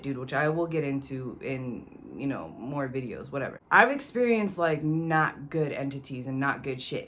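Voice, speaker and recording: A young woman with a slightly low voice tells a personal story straight to camera. Her delivery is loose and slangy, full of casual curses and asides to the viewer. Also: fairly bright tone. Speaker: vlogger.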